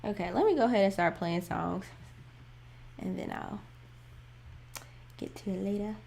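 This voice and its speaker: A woman's voice: medium pitch, normal speed, vocal fry, dark tone. A woman hosting a music reaction livestream, chatting casually, laughing often and thinking aloud as she reads viewer messages.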